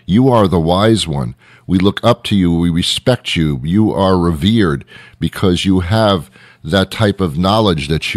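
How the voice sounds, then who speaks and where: A man's voice: deep voice, dry recording, studio quality. A man hosting a radio show, rambling through a comedic monologue with sarcasm, acting out little scenes and laughing often.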